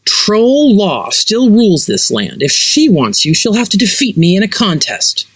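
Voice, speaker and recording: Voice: medium pitch, big pitch swings, measured pace, husky, no echo, pitched above the performer's own voice. Narrator doing a mocking giant troll princess. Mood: demanding. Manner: mocking, demanding.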